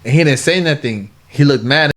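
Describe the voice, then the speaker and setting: A man guesting on a casual interview tells stories animatedly, his speech full of "like" and "you get what I'm saying." His voice is a little high and his pace brisk.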